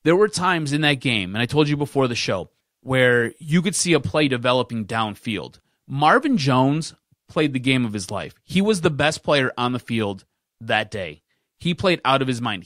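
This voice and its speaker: A man's voice: fairly high pitch, a bit bright, no room sound, studio quality. A man hosting a sports podcast, ranting in casual talk and repeating himself for emphasis.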